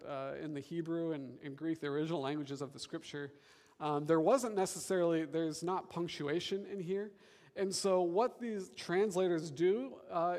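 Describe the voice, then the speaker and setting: A man preaching a sermon as pastor, animated and chatty with the congregation. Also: a little high. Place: church hall. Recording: long reverb of a church hall.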